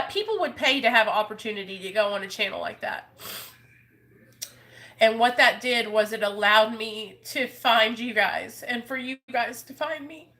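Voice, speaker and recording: A woman's voice: a little high, pushed and bright. A woman YouTuber talking openly with her viewers in an earnest, emotional, rambling way. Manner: rambling, restarts often. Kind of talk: heartfelt live chat with viewers.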